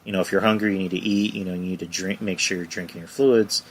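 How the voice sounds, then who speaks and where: A man's voice: low voice, steady tone, quick pace, a little hiss or hum. A man hosting a casual podcast chat, rambling with many fillers and laughing along. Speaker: podcast host.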